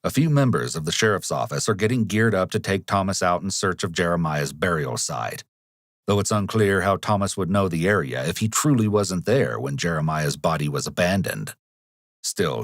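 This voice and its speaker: A man with a deep, low voice reads scripted narration. He speaks in a measured, analytical way. The sound is dry and close, with no room in it. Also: expressive, no room sound. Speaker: documentary narrator.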